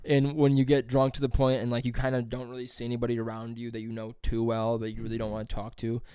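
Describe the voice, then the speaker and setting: A man's voice: medium pitch, monotone, quick pace, mellow, clear, resonant tone, no echo, studio quality. A young man in casual chat, telling rambling, crude stories and laughing often as he talks.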